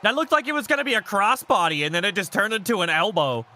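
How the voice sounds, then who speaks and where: A man streaming a wrestling game, chatting casually with viewers, rambling and reading chat aloud, with loud bursts as he reacts to the match. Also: high voice, very animated, fast.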